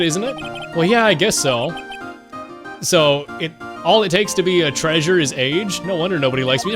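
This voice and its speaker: A man streaming a game, reading the dialogue aloud and cracking jokes, swearing and yelling now and then. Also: a little high, animated, normal speed, over music. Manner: playful, joking, swears and yells.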